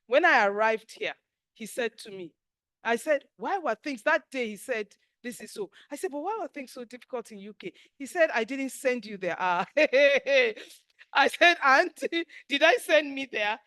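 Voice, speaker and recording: High-voiced, emphatic Nigerian woman teaching. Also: moderate pace, no echo, clean studio sound. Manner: animated, emphatic storytelling with acted quotes. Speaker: spiritual class teacher. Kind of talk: spiritual teaching talk.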